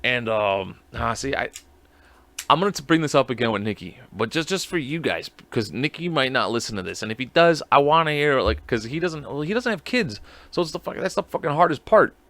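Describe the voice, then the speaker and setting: A man's voice: medium pitch, sing-song, fairly quick, fairly bright tone, dry recording. A man hosting a podcast alone, chatting casually in a rambling, profane, self-mocking way. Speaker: podcast host. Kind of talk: casual solo chat.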